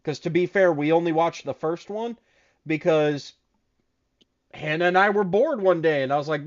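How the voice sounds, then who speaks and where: A man co-hosting a casual chat show, telling stories in a profane, animated way. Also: on the high side, moderate pace, highs cut off. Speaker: podcast co-host.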